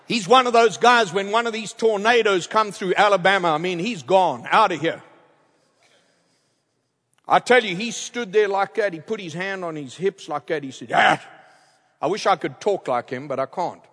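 A man preaching a storytelling sermon as a guest speaker, wearing a headset mic and swinging from loud to hushed. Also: high voice, normal speed. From outside the United States. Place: large church. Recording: long reverb of a large church.

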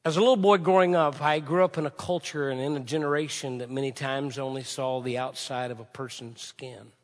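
A man's voice: medium pitch, steady tone, fairly quick. A man preaching a sermon to a congregation, asking rhetorical questions and repeating phrases for emphasis. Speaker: pastor. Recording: reverberant hall.

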